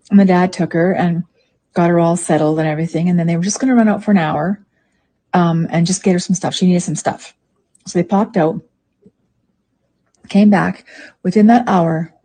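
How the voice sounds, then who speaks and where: A woman's voice: on the low side, warm tone, breathy edge. A woman in heated casual chat, indignant, retelling a story in a rush. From Canada. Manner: indignant, retells stories breathlessly.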